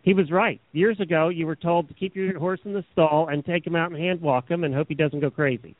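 A man hosting a radio show in a smooth, upbeat presenter's way. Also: a little high, steady tone, brisk, no room sound. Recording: tinny phone-like radio sound.

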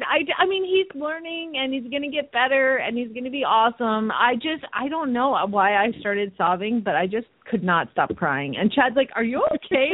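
A woman co-hosts a radio talk show and tells her stories in an excitable, emotional rush with plenty of laughter. Her voice sits a little high. The sound is dry and tinny, like a phone line. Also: normal speed, hardly any pauses, dry recording. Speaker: radio co-host. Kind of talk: casual radio chat.

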